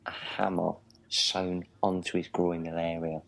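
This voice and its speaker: Deep gravelly man joking dryly. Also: flat delivery, unhurried. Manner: dry, crude jokes. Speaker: film commentary co-host. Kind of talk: casual jokey commentary.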